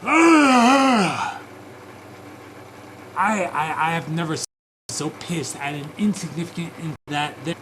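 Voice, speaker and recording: A man's voice: on the high side, moderate pace, fairly bright tone, slight background noise. A man streaming alone, swearing and ranting in angry bursts and muttering to himself between them. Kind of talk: profane ranting stream chat.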